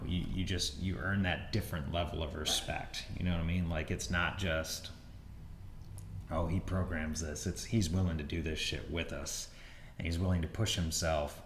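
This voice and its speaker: A man's voice: deep voice, moderate pace, a little hiss or hum. A man who owns a gym, hosting a podcast and talking casually and at length, now and then acting out what other people said. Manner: relaxed, rambling, acts out quotes with a raised voice. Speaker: gym owner and podcast host. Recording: roomy echo with faint ambience.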